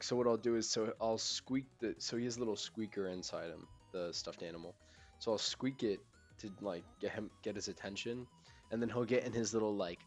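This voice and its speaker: Laid-back young man rambling on a podcast. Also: fairly low pitch. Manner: rambling and laid-back, with lots of fillers and restarts. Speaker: podcast host. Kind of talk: casual chat.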